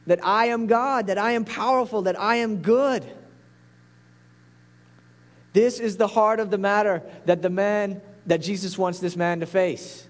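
A man's voice: high-pitched, steady tone, unhurried. A man preaching a sermon as a pastor, earnest and pleading, building to intense peaks.

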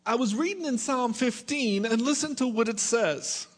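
A man's voice: extremely high pitch, normal speed. A middle-aged man preaching a sermon in a church, stretching out his questions for emphasis and slipping in joking asides to the congregation. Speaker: pastor.

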